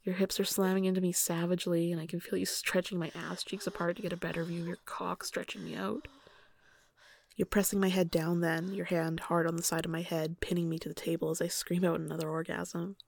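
A young woman narrating an intimate first-person story in a soft, hushed voice that often slips into a whisper, then chatting casually with many fillers. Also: fairly low pitch, flat delivery, vocal fry, breathy edge. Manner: chatty and halting with fillers when speaking off-script.

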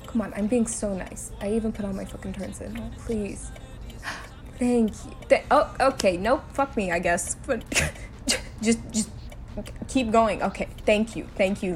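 A woman in a role-play skit, a girlfriend driving her partner home, talking to the listener and swearing while insisting she is calm. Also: medium pitch, a little slow, over music. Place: in a car.

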